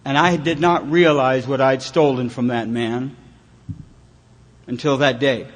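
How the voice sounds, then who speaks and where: A man's voice: mid-range voice, steady tone, measured pace, a little hiss or hum. Wry man telling his recovery story. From Los Angeles, California. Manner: wry, self-mocking storytelling, acting out quotes. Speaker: AA speaker. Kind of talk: personal recovery talk. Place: retreat meeting hall, live audience.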